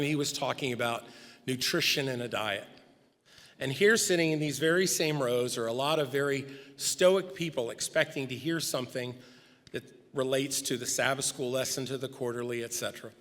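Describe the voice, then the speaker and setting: A middle-aged man tells gently funny stories in a eulogy. His voice sits at an ordinary pitch and rings with the long reverb of a big church hall. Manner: anecdotal, gently humorous storytelling. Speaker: speaker giving a memorial tribute. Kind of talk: eulogy storytelling. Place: large church sanctuary.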